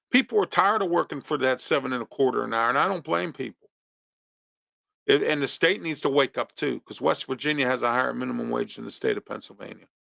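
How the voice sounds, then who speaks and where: A man's voice: medium pitch, gravelly, bright, forceful tone, dry recording. A man from hosting a local talk show, ranting his opinions with pointed rhetorical questions. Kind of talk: opinionated monologue.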